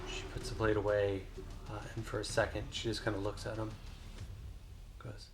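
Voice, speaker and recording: A low-voiced man runs a solo tabletop game, narrating in a loose, casual way with plenty of fillers. Loud music plays behind him. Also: completely flat delivery, moderate pace, pauses often. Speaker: game master. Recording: voice over loud background music.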